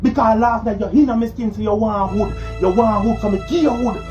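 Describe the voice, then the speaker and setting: A man's voice: sits high, steady tone, a little fast, darkish tone, lo-fi sound, close to an everyday voice. Ranting, crude Jamaican cartoon braggart played by a man, over music. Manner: ranting, crude patois monologue. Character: boastful, crude Jamaican man scolding a woman.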